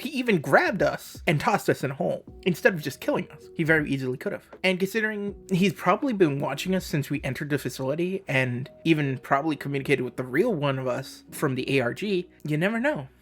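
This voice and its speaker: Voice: medium pitch, lively intonation, a little fast, few pauses. A channel host casually explaining a game theory, with joking, self-deprecating asides and rambling tangents.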